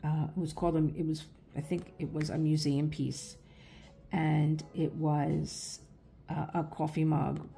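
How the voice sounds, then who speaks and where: A woman's voice: low-pitched, little pitch movement, measured pace, vocal fry, dark tone, soft background music. A middle-aged woman hosting her own channel, chatting casually in a rambling, storytelling way while she works on an art project. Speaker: artist and channel host. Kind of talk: casual chat while working on a craft project.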